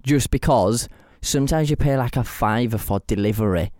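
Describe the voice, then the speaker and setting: A man's voice: mid-range voice, normal speed, darkish tone, no echo, studio quality. A young English man co-hosting a podcast, laughing easily and telling stories playfully. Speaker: podcast co-host. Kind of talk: casual chat.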